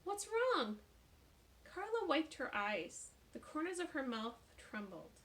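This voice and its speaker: Woman reading a kids book out loud, bright voice, animated. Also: high-pitched, measured pace. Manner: expressive read-aloud with character voices. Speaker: storybook reader. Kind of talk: reading a children's novel aloud.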